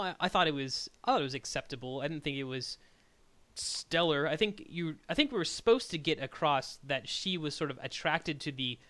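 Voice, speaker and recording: A man co-hosting a casual film review podcast, rambling with frequent restarts and animated retellings. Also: on the high side, no room sound. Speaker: podcast co-host.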